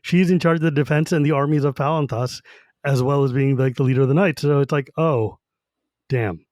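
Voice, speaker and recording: A man's voice: on the high side, fairly even intonation, fast, darkish tone, dry recording, clean studio sound. A man co-hosting a book podcast, casually retelling scenes and paraphrasing characters in slangy quoted voices. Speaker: podcast co-host.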